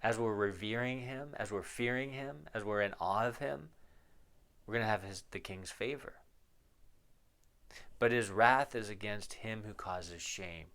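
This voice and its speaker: A man's voice: fairly low pitch, measured pace, a bit bright. A man teaching a Bible passage verse by verse as a pastor, reading each verse aloud, explaining it and asking the listeners questions. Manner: asks the listeners rhetorical questions; reads verses aloud, then explains them.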